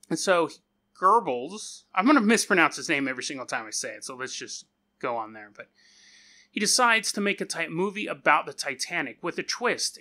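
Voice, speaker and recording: A man's voice: fairly high pitch, sharp tone. A man hosting a podcast, retelling a story in a chatty, joking way with offhand asides. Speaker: podcast host. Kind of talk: casual storytelling.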